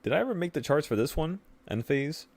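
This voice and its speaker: A man's voice: on the high side, big pitch swings, fairly quick. A young man casually talking through stock charts on a screen share, thinking aloud and laughing at his own slips. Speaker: trading channel host.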